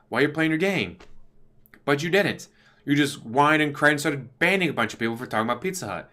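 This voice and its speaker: A man giving a casual, exasperated commentary rant to camera on his channel, talking with big swings in pitch. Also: lively intonation, quick pace, bright, forceful tone. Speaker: YouTube commentator. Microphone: desk USB microphone.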